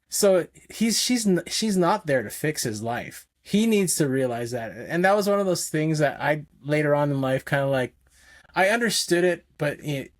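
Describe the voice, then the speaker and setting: A man's voice: medium pitch, no room sound. A man guest on a casual podcast, rambling and correcting himself, laughing as he retells movie scenes.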